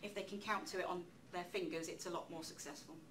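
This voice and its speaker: A woman giving a public talk in a lecture room, lively and chatty, with self-deprecating asides. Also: lowish voice, fast talker. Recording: distant mic with faint room noise.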